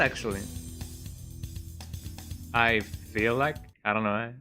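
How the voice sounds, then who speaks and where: A man streaming a video game, giving relaxed, rambling commentary with joking asides. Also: on the low side, slow pace, long pauses. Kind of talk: casual gameplay commentary. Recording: game capture with loud music. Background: game music and sounds.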